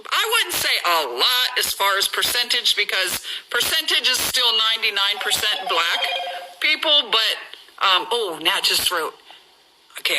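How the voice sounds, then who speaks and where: A middle-aged woman hosting a live stream on her phone, telling stories in a chatty, animated way and laughing often. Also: mid-range voice, background noise. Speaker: livestream host. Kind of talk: casual storytelling on a live stream.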